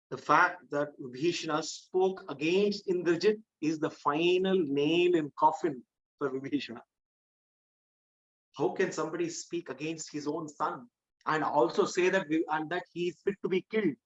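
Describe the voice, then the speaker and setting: A man's voice: fairly high pitch, normal speed, fairly bright tone. A man, a spiritual teacher, retelling scripture in a live discourse with frequent restarts. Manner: recites verses, retells with restarts. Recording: dull live discourse recording.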